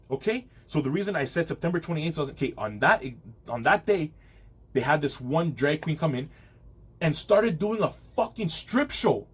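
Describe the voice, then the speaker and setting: A man's voice: fairly high pitch, husky. A man delivering an indignant, profane monologue to his audience. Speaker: video host. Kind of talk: angry monologue.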